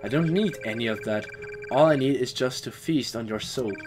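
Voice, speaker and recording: A man voicing a menacing devil in a horror game, speaking low and quiet. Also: moderate pace, noisy background, natural voice. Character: menacing male devil hungry for souls.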